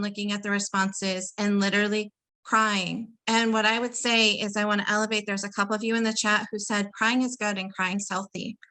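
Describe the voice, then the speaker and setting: A woman's voice: mid-range voice, bright, forceful tone, rough recording. A woman hosting a webinar over a video call, enthusiastic and addressing the audience as "y'all". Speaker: webinar host.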